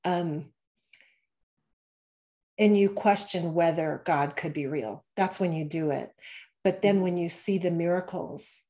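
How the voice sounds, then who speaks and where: Woman interviewer, reflective, halting, low-ish pitch. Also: warm tone. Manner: musing, searching for words. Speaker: podcast host.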